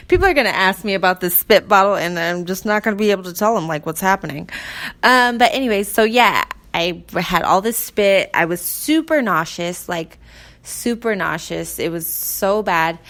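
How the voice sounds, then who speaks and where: Young woman, solo podcast host, rambling casual chat, quick to laugh, filler-heavy delivery. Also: mid-range voice, lively intonation, fairly bright tone. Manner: chatty, rambling, laughs often, many "like" fillers.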